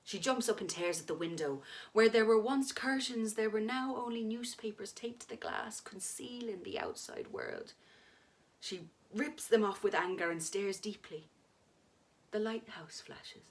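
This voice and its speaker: A woman's voice: medium pitch, a little slow, creaky. Woman reading a spooky tale. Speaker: storyteller. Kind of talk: dramatic story reading.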